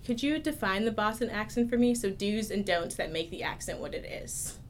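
A woman hosting a podcast, reading a scripted introduction and asking measured interview questions. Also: mid-range voice, animated, over loud music. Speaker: podcast host.

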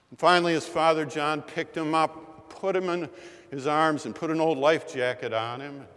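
A man in his sixties preaching a sermon in a chapel, telling a story in a measured, unhurried way. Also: on the high side, a bit bright. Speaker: pastor. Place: large chapel. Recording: long reverb of a chapel.

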